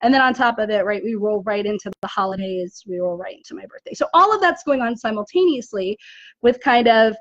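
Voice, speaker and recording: A woman's voice: mid-range voice, a little fast, no room sound. A woman in her forties, a business coach, talking casually to an audience and often checking in with "right?". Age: 40s. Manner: chatty, animated, says "right?" often. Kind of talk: casual live video talk. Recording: dull, muffled dry audio.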